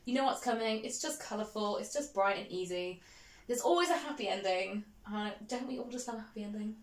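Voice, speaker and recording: Black country lady chatting on a podcast, talks fast, bubbly, laughs a lot, echoey room. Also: mid-range voice. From Black Country, England. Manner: bubbly, laughs often, tells stories with feeling. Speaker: podcast guest. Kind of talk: casual chat.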